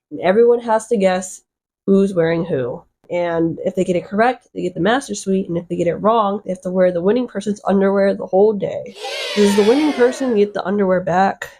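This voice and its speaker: A woman giving casual, rambling commentary on a reality show, sarcastic and quick to laugh at herself. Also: medium pitch, mellow. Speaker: video essay commentator.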